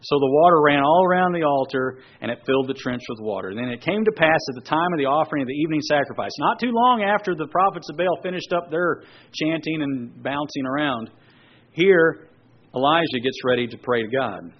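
A man's voice: a little high, expressive, brisk, lo-fi sound. A man preaching a sermon, reading scripture aloud and then breaking off into conversational asides to explain it. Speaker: pastor.

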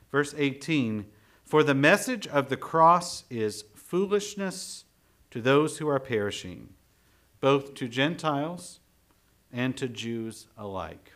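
A man preaching a sermon, reading scripture and commentary aloud in a measured, emphatic way. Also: a little high, a bit bright. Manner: measured, emphatic delivery, reads passages aloud.

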